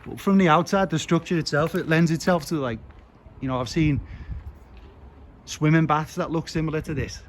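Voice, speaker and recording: A man's voice: medium pitch, poor audio. A man narrating a casual walking vlog outdoors, chatty and rambling, with fillers. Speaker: vlogger. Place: outdoors on a street. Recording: outdoor traffic noise behind.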